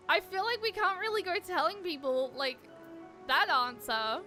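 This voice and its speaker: A woman's voice: extremely high pitch, animated, normal speed, bright, forceful tone, faint music behind. A young woman streaming a game, chatting casually with giggly, rambling asides about pronunciations and her setup. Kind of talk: casual gameplay commentary.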